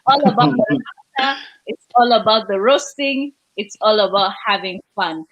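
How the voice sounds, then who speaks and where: A woman hosting a live online talk show in an upbeat, quick manner. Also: mid-range voice, muffled recording. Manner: upbeat, quick, laughs often. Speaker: host.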